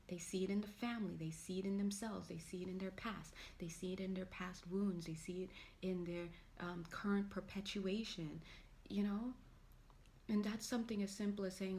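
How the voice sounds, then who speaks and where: A woman's voice: mid-range voice, fairly even intonation, moderate pace, darkish tone, slight background noise. A woman giving a casual spiritual tarot reading, rambling and chatty, with playful asides and acted-out quotes. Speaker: tarot reader.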